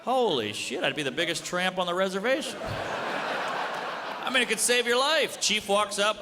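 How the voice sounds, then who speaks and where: A man doing stand-up comedy, brash and deadpan, acting out quick back-and-forth exchanges on stage. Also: high voice, noisy background. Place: comedy club stage before a live audience. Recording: live club recording with reverb and crowd.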